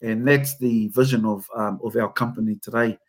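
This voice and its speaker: Speaking with a New Zealand accent, this haka teacher and company founder tells stories animatedly and emphatically in a casual interview. His voice sits fairly low, and he talks at a moderate pace.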